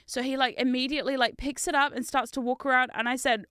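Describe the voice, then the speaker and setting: A young woman streamer chats casually and rambles through family stories. Her voice is bright and crisp, a touch high, heard close up in a dry space. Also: fairly even intonation, fast talker, dry recording. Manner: chatty, rambling storyteller with laughs and fillers. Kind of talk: casual chat while building.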